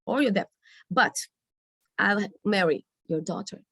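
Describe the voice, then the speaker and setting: A woman's voice: medium pitch, expressive, a little slow, creaky, a bit bright, slightly rough, no echo, heavily acted. A woman voicing an old, mean, wealthy male loan shark who speaks smugly and threatens. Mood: smug threatening.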